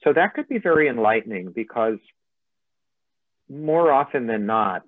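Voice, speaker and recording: A male motivational coach gives a webinar over a video call, talking in a chatty way and telling funny stories. His mid-pitched voice comes through a narrow, phone-like line. The sound is dry, with no room around it. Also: lively intonation, moderate pace, no room sound. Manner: conversational, tells anecdotes with humor. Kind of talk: webinar presentation.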